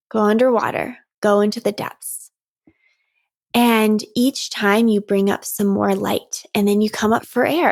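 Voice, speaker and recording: Gravelly-voiced woman podcast host, close and dry. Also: a little high, no echo. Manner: earnest and animated, with frequent laughs and asides. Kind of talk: reflective solo podcast talk.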